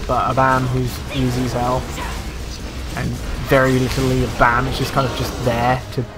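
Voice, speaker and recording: A man giving casual, joking and sarcastic commentary while playing a video game. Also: mid-range voice. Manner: joking, sarcastic, self-mocking. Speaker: gameplay commentator.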